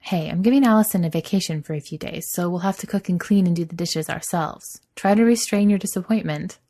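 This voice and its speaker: A woman voicing a playful, dramatic young male wizard, teasing and animated. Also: fairly low pitch, fairly quick.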